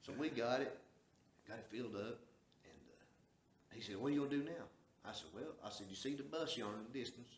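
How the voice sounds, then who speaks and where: Folksy Southern male storyteller, mid-pitched, recorded in a roomy space. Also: a little fast. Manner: folksy, drawling, acts out quoted dialogue. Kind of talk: casual storytelling. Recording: echoey room.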